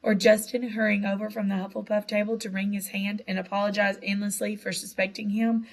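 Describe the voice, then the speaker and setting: Lady reading a kids' novel out loud, lively and expressive. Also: mid-range voice, a little fast. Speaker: audiobook narrator. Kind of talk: storybook narration.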